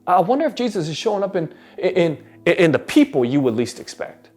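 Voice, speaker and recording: A pastor preaching a sermon, rising to emphatic peaks and dropping soft, with many repeated, stammered starts. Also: male voice, high voice, sing-song, a little fast, hardly any pauses, soft background music. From United States.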